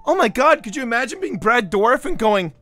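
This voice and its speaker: Guy on a chill home stream, super expressive, doing voices mid-story, bit of music behind. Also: extremely high pitch, brisk. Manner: animated storytelling with voiced impressions. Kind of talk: casual chat.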